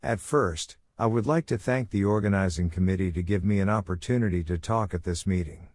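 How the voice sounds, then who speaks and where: A man's voice: low-pitched, darkish tone, no room sound. A middle-aged man from Japan with a Japanese accent, giving a prepared conference lecture as a physician and reading steadily from his slides. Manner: measured, reads steadily from slides.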